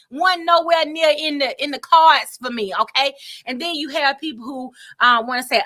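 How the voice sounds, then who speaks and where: A woman giving a faith-based motivational talk, animated and preachy, with folksy asides and repeated words. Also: high-pitched, brisk. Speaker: motivational speaker.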